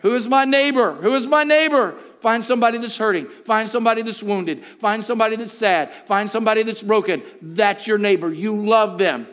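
High-voiced man preaching with fervor. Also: brisk, hardly any pauses. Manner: impassioned preaching, rising to shouts and dropping low; repeats words for emphasis, calls out to the congregation. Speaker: pastor. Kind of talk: sermon.

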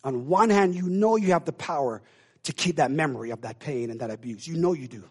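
A man preaching a sermon with impassioned delivery, swinging between loud calls and hushed, intense passages and acting out God's voice. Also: fairly high pitch, animated, fairly quick, slightly rough.

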